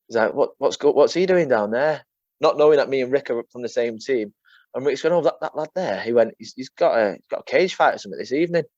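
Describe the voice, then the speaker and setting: Fast-talking young fighter. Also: male voice, medium pitch, darkish tone, no room sound. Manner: rambling storyteller, swears, keeps saying mate. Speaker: MMA fighter guest. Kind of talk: casual chat. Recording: dull lo-fi sound.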